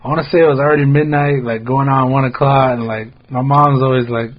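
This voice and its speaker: A man's voice: mid-range voice, fairly even intonation, brisk. American podcast host guy rambling thru a story, lots of "like", cussing, kinda muffled sound. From United States. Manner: laid-back, rambling, heavy on "like" fillers and swearing. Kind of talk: casual storytelling chat.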